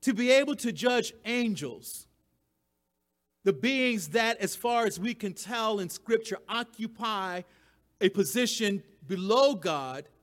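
A man delivering a sermon in a fairly high voice. He talks with emphasis, repeats his key phrases, and chuckles at his own points. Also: animated, slow, fairly bright tone. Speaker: preacher.

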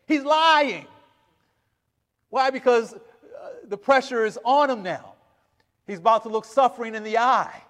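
Speaking at a moderate pace in a high, bright voice, a man delivers a sermon, reading scripture and performing its lines with lively asides and laughter. Each phrase trails off into the hall's long reverb.

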